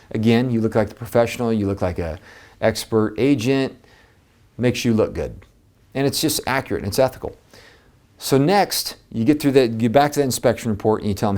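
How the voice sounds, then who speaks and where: A man giving an energetic, conversational coaching talk to real estate agents, speaking with emphasis. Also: mid-range voice, brisk.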